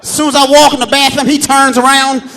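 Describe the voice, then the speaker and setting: A man in his thirties doing live stand-up comedy on a theater stage, telling loud, profane stories about his kids and acting them out in squeaky shouts. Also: flat delivery, quick pace, a faint crowd, slight background noise. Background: live audience laughter.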